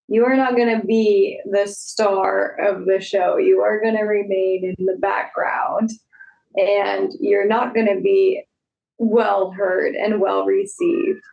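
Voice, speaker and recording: A woman co-hosting a casual film podcast, speaking in a deliberate, assured way. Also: medium pitch, creaky, a little mellow, rough recording. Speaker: podcast co-host. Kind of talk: casual chat.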